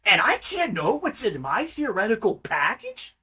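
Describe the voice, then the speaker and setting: A man hosting a podcast, telling a story in a mocking, profane and animated way. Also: high voice, normal speed, breathy edge. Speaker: podcast host. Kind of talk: casual storytelling monologue.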